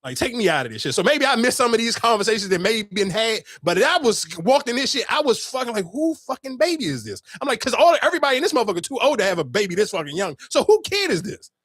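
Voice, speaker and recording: A young adult man hosting a podcast, telling a story in animated, profane casual chat with sudden outbursts. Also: sits high, very fast, few pauses, dry recording, clean studio sound. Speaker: podcast host.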